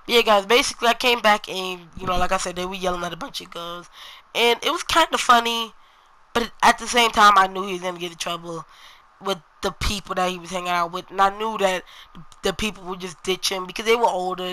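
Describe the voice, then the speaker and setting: Bright-voiced woman telling a rambling story. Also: mid-range voice, a little fast, poor audio. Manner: rambling, slangy, many fillers like "you know" and "bro". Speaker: vlogger. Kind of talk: casual storytelling to camera.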